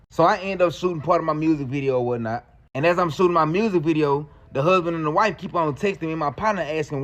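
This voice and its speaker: A man telling a story in a casual, slangy, animated way. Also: on the high side, fast.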